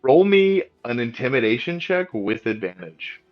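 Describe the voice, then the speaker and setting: A man narrating combat as game master, in a relaxed way with many fillers. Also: mid-range voice, normal speed, highs cut off, soft background music. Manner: relaxed, filler-heavy descriptions.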